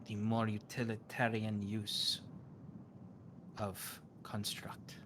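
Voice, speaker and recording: Brief: cryptic cat-folk priestess, hushed and breathy, low voice played by a man, noisy mic. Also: completely flat delivery, takes it slowly. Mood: solemn. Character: cryptic, intense tabaxi cleric woman.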